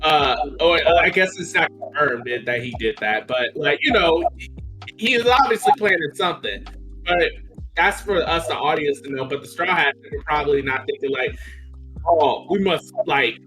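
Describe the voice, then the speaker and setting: A man's voice: on the high side, lively intonation, moderate pace, pushed and bright, soft background music. A man in casual podcast chat, talking animatedly and acting out characters' lines as he goes. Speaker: podcast panelist.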